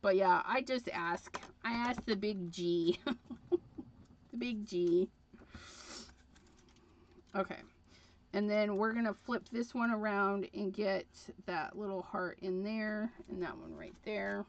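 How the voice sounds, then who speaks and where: A woman's voice: medium pitch, slow pace, long pauses. A woman hosting a crafting livestream, chatting casually and rambling with frequent fillers as she works. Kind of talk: casual chat while crafting. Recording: dull lo-fi livestream audio.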